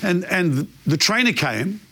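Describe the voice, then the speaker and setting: A man preaching a sermon, telling a story in a lively, animated way. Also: high-pitched, a little slow, breathy edge. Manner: animated storyteller, imitates barking dog. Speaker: pastor.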